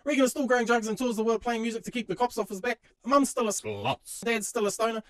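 A man, narrating a crude parody sketch with rapid, deadpan jokes. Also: extremely high pitch, no echo. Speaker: comedy narrator.

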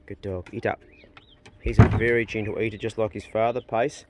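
A man vlogs casually outdoors on his rural property, feeding his dogs and farm animals and coaxing his dogs and ducks in a raised sing-song voice with an easygoing, chatty manner. His speaking voice is lowish and level at a normal speed, with music playing and heavy background noise behind him.

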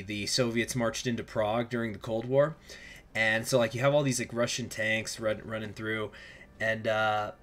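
A man's voice: mid-range voice, fairly bright tone. Rambling young man streaming a strategy game. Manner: rambling, chatty, reacts aloud to the game. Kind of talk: live game commentary.

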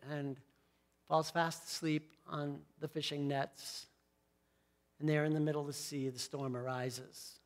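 A middle-aged pastor preaching a sermon, telling the story in a chatty way with asides to the congregation. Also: male voice, on the high side.

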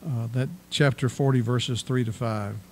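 A man's voice: mid-range voice, fairly even intonation, moderate pace. A male pastor preaching a sermon in a church, reading scripture aloud and then explaining it in plain words. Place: church sanctuary.

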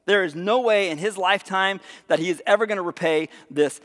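A man preaching a sermon as pastor, animated and conversational, tossing in frequent rhetorical asides. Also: sits high, brisk, big-room sound. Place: church sanctuary.

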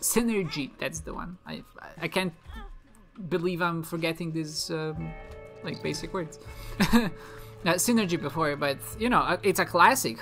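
A woman's voice: low voice, a bit bright. A woman giving casual, rambling let's-play commentary while she plays, chatty and self-deprecating, often giggling and restarting her sentences. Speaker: gaming video creator. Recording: faint music behind.

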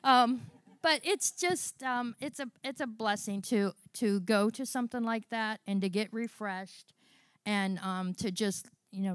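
A woman giving a rambling, halting testimony at a church service, full of restarts. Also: mid-range voice, clean tone, dry recording, studio quality. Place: church sanctuary.

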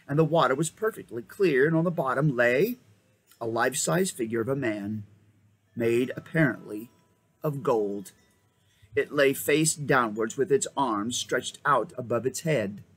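A man reading a children's novel aloud in an expressive, animated way. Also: mid-range voice, measured pace, a little hiss or hum, low-quality recording. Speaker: reader. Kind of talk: storybook read-aloud.

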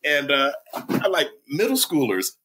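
A man, an author and middle school teacher, telling animated stories as a podcast guest, laughing often and mimicking his students. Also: a little high, a little slow, noisy background. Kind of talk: casual storytelling interview.

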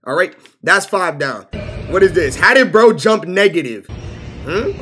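Man, live-stream reaction chatter, animated, exclaiming, lively swinging pitch. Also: measured pace, faint music behind. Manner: animated, exclaiming, profane, says bro constantly.

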